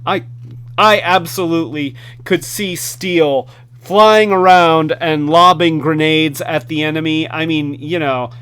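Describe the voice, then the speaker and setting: A man's voice: on the high side, a little slow, fairly bright tone, clean tone. A man hosting a casual hands-on toy review, enthusiastic and rambling. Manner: enthusiastic, rambling with fillers and restarts.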